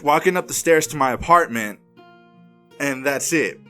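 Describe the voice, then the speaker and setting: Animated young man telling a story. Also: on the high side, moderate pace, soft background music. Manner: animated storyteller, laughs often, acts out quotes. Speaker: podcast co-host or guest. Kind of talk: casual podcast chat.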